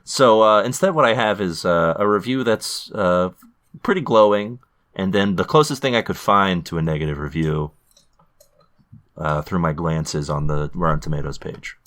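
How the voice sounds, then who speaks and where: Very low-voiced podcast host man. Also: normal speed, fairly bright tone. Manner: hesitant, many ums and restarts. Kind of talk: casual chat.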